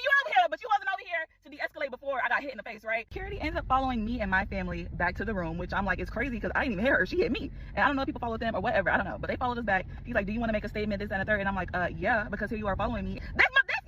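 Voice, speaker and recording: Fast, animated woman telling a story. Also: high voice, a little hiss or hum, poor audio. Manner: animated, exclaiming, addresses viewers as y'all. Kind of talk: casual storytime to camera.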